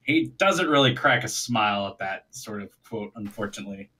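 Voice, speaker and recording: Lively, bright-voiced man running a tabletop game. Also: lowish voice, fairly quick, poor audio. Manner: laughing, loose and profane. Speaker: game master.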